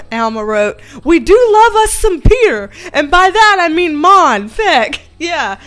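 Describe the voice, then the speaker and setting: A young woman hosting a casual livestream, reading viewer comments aloud, giggling often, swearing freely and greeting people with excited bursts. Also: very high voice, slow pace, faint music behind. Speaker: livestream host, tarot reader.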